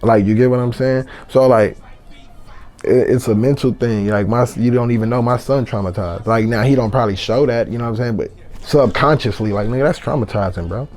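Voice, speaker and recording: A rapper from San Antonio, Texas, talks bluntly and profanely as a guest in a casual interview, telling stories heatedly. His medium-pitched voice is a little fast and a little mellow.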